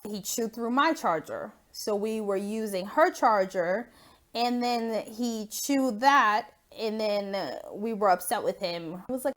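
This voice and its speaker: A young woman vlogging into her phone at home, telling a story in a casual, animated way, swearing freely and acting out what people said. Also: medium pitch, unhurried.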